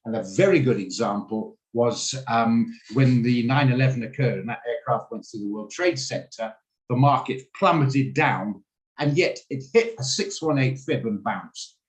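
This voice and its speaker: A man's voice: medium pitch, normal speed, low-quality recording. A man teaching a live online trading class over a video call, chatty and rambling, often laughing as he explains. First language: English. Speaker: trading coach.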